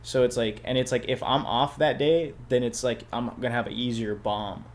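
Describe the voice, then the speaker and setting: A man's voice: medium pitch, fairly even intonation, normal speed, a little hiss or hum. A man talking in a casual podcast chat as a stand-up comedian guest, loose and rambling with lots of filler and swearing. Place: podcast studio.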